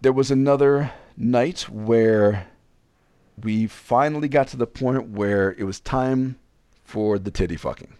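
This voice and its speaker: A man's voice: medium pitch, unhurried, smooth, dry recording. A man casually telling a frank personal story, rambling and acting out the dialogue. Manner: frank, rambling, animated retelling with quoted dialogue.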